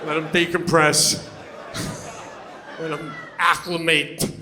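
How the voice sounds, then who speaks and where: High-voiced, bright stand-up comic man. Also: slow, a faint crowd. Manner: animated, swings into loud put-on voices for quotes. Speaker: stand-up comedian. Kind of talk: stand-up comedy set. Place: on stage before a laughing audience.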